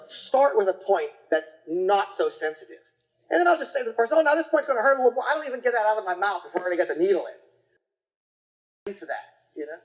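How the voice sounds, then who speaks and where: Acupuncture teacher, casual lecture, rambling, restarts, fillers, acted-out quotes, middle pitch. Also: rough recording. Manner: acts out quotes of patients and parents.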